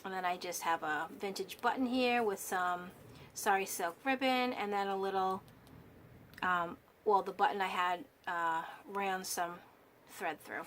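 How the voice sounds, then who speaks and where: A woman's voice: mid-range voice, measured pace, fairly bright tone, slight background noise. A woman walking through a handmade journal she made, gushing over each page with many fillers and restarts, her voice a little worn. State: slightly losing her voice. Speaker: crafter showing a handmade journal. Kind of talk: casual show-and-tell walkthrough.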